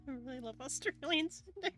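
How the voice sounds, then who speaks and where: A woman with a high, bright, sharp voice chats playfully, giggling and egging her friends on. Faint music runs under her. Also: expressive, normal speed. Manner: giggly, playful, cheering others on. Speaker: co-streamer friend. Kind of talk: casual chat with friends.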